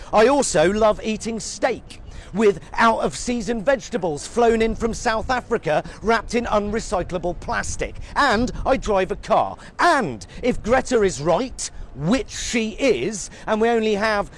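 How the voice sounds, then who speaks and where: A man's voice: high voice, lively intonation, a little slow. A middle-aged British man ranting sarcastically as a satirical news reporter, swearing freely and sounding exasperated, outdoors at a street protest. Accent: British English. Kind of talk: scripted satirical rant to camera.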